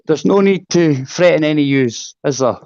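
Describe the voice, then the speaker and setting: A man's voice: on the high side, expressive, moderate pace, a little mellow, dry recording. A man hosting a live stream, rambling and joking crudely in casual banter, with dull lo-fi audio from a home mic. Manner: rambling, crude, jokey, swears a lot. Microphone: home microphone on a live stream.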